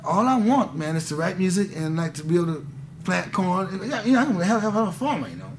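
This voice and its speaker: Casting: man in his thirties, high and gravelly, rambling confessional interview on hissy old tape. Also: very animated, quick pace. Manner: rambling, intense, restarts often, says "man". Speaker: interviewee, musician. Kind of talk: candid conversation.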